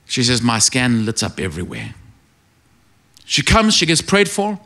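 A middle-aged man preaching a sermon, telling stories with animation and rising to shouted praise. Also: medium pitch, wildly swooping pitch, unhurried.

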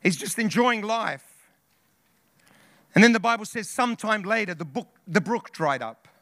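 A man's voice: high-pitched, lively intonation, normal speed, bright, forceful tone, no echo, studio quality. A male pastor preaching a sermon with passion, repeating phrases and calling out to the congregation. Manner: impassioned preaching with repetitions and call-outs.

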